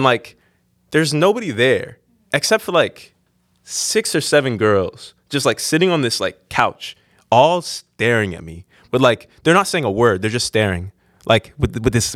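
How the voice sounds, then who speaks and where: Rambling, lively young man telling a story. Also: medium pitch, no echo, clean studio sound. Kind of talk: casual personal anecdote.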